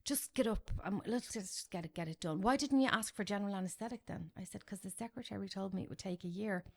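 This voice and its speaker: A woman in her forties, a podcast guest telling a candid personal story with animated, self-deprecating asides. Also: mid-range voice, fast talker, gravelly. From Ireland.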